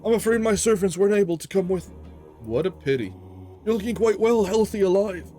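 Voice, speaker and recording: A man's voice: sits high, lively intonation, a little fast, mellow, faint music behind, pitched above the performer's own voice. A man voicing a bitter, scheming old male lich villain in a game, with a theatrical, sneering manner.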